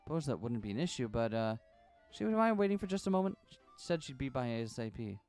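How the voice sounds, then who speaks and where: Casting: woman playing a hesitant male shop clerk, polite and sorry, low-voiced, fast-talking. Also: big pitch swings, darkish tone, faint music behind, exaggerated voice. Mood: apologetic.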